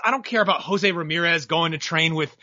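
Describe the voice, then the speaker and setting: A man's voice: fairly high pitch, fairly quick, sharp tone, no room sound, lo-fi sound. A man talking boxing as a guest, opinionated and rambling with frequent restarts. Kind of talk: casual chat.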